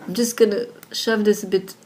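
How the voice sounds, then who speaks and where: A woman explaining audio software in a casual tutorial, recorded on her laptop's built-in microphone, chatty with lots of fillers. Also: medium pitch, level tone, brisk, slight background noise. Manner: chatty, many fillers like "like" and "you know".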